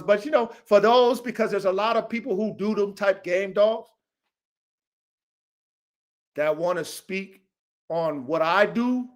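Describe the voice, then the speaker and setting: A man hosting a livestream podcast, talking bluntly and profanely, getting fired up and repeating himself. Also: on the high side. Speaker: podcast host and dog breeder. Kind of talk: casual livestream rant. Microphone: live stream mic.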